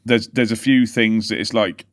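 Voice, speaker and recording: A man's voice: fairly low pitch, fairly even intonation, normal speed, slight background noise. A man hosting a casual football podcast, swearing, laughing easily and losing his train of thought. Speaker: podcast host.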